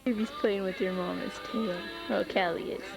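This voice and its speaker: A woman's voice: medium pitch, steady tone, normal speed, creaky. Woman, farm vlogger, outdoor handheld camera, sing-song pet talk, music in the background. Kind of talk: casual talk to animals while filming. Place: outdoors on a farm, near a horse stall.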